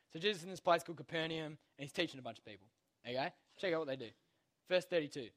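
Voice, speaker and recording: A young man giving a casual, slangy Bible lesson to children, constantly checking in with "okay?". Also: a little high. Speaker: youth Bible teacher.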